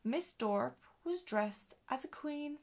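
A woman reads a children's storybook aloud, her voice gravelly and somewhat high. She reads at an ordinary pace and now and then stumbles and corrects herself. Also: animated, takes it slowly. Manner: reading with occasional slips and self-corrections.

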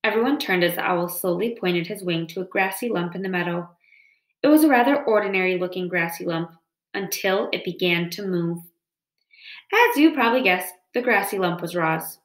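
A woman's voice: on the low side, animated, normal speed. A woman reading a children's novel aloud in a storytelling manner. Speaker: reader. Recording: roomy echo.

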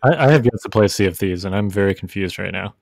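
A man hosting a podcast, relaxed and friendly in casual chat. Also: low voice, fast, vocal fry, no room sound, studio quality. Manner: relaxed and friendly, wraps up segments. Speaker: podcast host.

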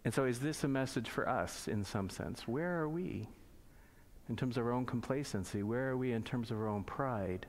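Male pastor, mid-pitched, sermon in church; slow scripture reading, conversational explaining, rhetorical questions. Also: a little hiss or hum. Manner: reads scripture slowly, then explains in plain conversational asides; asks the congregation pointed rhetorical questions.

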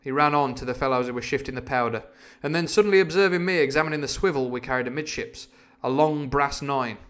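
A man's voice: medium pitch, fast talker. A man reading a novel aloud on a casual stream, breaking off for chatty asides and stumbling restarts.

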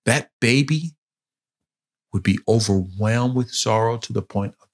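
A man teaching a Bible study, telling a dramatic story that swings between loud, intense moments and hushed, solemn ones, often repeating words as he searches for them. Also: lowish voice, unhurried. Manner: dramatic storytelling, rising to shouts and dropping to hushed tones. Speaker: church teacher.

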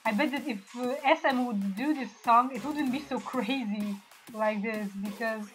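High-voiced excitable woman reacting. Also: normal speed, soft background music, low-quality recording. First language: Polish. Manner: excitable, gushing exclamations, frequent stammers and restarts. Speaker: reaction video host. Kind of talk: casual reaction commentary.

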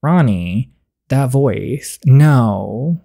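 Woman reading a story game aloud, mellow. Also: expressive, drawn-out words, creaky, husky. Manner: reads all characters in her own voice, jumping up high and loud when reacting.

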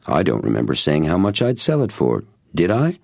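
A man doing a calm probing mentor. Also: sits low, moderate pace, gravelly, no echo, studio quality, pitched above the performer's own voice, heavily acted. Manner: calm, stern, patient questioning. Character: calm probing wealthy male mentor, gently confronting. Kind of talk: audiobook reading.

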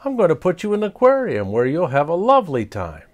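A man voicing a kind young boy in a storybook reading, gentle and reassuring. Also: a little high, wildly swooping pitch, fast talker, pitched above the performer's own voice.

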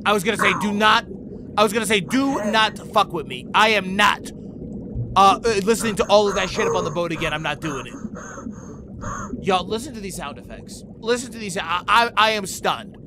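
A young man hosting a let's play, reacting to the game with excitable, profane shouting. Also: sits high, a little fast. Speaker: gaming video host. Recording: game music behind.

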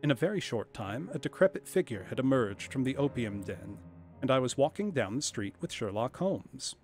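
A man reading a classic story aloud on a live stream, in a measured, expressive narrating voice. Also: mid-range voice, soft background music.

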